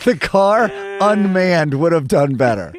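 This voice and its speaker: A man's voice: on the high side, sing-song, a little slow, a crowd in the background. A man co-hosting a podcast, telling rambling stories with joking asides in casual chat. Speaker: podcast co-host.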